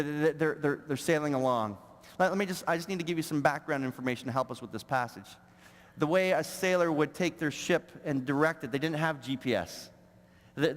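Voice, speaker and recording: A man's voice: fairly high pitch, fairly bright tone, big-room sound. A man preaching a sermon as pastor, emphatic and repetitive, often restarting his words.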